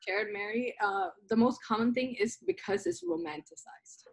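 A woman's voice: fairly high pitch, normal speed, gravelly, breathy edge, low-quality recording. A woman who works with clients on relationships, chatting casually and saying "like" a lot. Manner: relaxed, lots of "like" fillers. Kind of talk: casual podcast chat.

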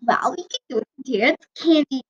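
A woman's voice: sits high, animated, normal speed, fairly bright tone, breathy edge, heavily acted. A woman voicing a cheerful, oddball schoolgirl best friend, speaking in a bubbly, sing-song way on a dull lo-fi recording.

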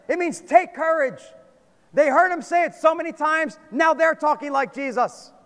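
A man preaching a sermon, swinging from loud calls down to hushed, low lines. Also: moderate pace. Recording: long hall reverb.

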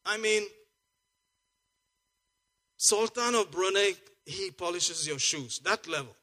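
A man delivers a sermon in a high, bright voice. He jokes and muses quietly, then bursts into loud, rousing exclamations. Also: slow pace. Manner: lively, jokey, swings from soft asides to loud exclamations. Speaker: pastor.

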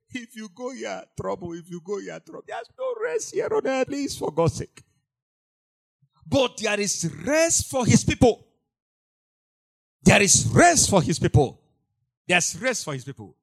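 A man preaching a sermon in a high voice that leaps up and down. He repeats his lines for emphasis, sinking to soft asides and then rising to loud cries. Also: vocal fry.

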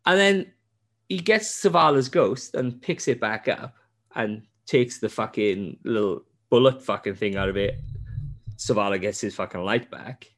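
A man, a podcast host telling a game's story in casual chat, animated and full of swearing and restarts. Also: mid-range voice, a little slow.

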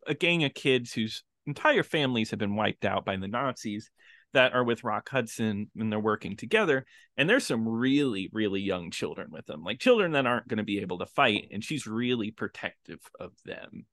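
A man with a mid-range voice co-hosts a movie podcast, chatting casually and animatedly about a film and laughing often. The recording is dry.

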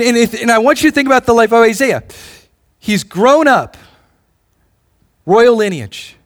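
A man preaching a sermon in a conversational way, often restarting phrases and building in intensity. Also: very high voice. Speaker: pastor.

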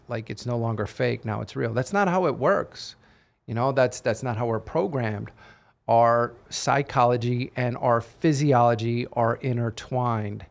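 A man's voice: medium pitch, creaky. A man co-hosting a podcast, talking in a casual, emphatic and motivational way. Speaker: podcast co-host. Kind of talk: casual chat.

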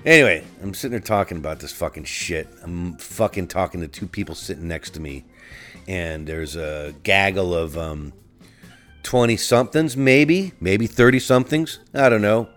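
A middle-aged man with a low voice rants through a solo podcast monologue, swearing freely and stumbling over restarts as he tells his story. Faint music sits under his voice. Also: moderate pace, fairly bright tone. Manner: profane, ranting, frequent restarts. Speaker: podcast host.

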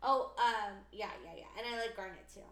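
A woman's voice: mid-range voice, brisk, fairly bright tone. A young woman in casual chat, eagerly prodding with questions and giggling.

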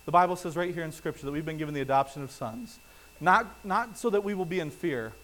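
A middle-aged male pastor preaching an earnest sermon, pleading and rising to loud emphasis, then dropping soft in prayer. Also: fairly high pitch, animated, quick pace, rough recording.

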